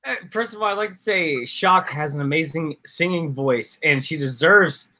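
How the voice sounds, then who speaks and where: A man's voice: fairly high pitch, normal speed, bright, forceful tone, a little hiss or hum. A man on a casual online panel, speaking earnestly and at length. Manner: earnest, heartfelt, rambling. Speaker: panel guest.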